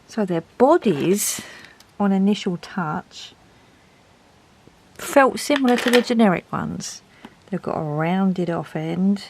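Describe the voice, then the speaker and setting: A woman's voice: mid-range voice, expressive, slow pace, pauses often, noisy background. A woman, chatting casually and thinking aloud as she reviews art supplies.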